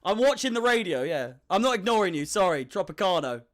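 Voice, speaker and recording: A young man hosting a live football watch-along, chatting with viewers and getting excitable at chances. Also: high-pitched, fairly quick. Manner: excitable, shouts and laughs at chances. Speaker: fan watch-along host.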